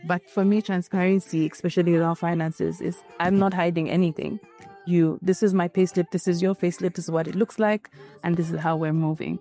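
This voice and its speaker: Married woman guest, earnest and direct, low mellow voice, faint music underneath. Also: steady tone, a little fast. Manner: earnest, repeats key points, frequent "right?" tags. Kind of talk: candid conversational interview.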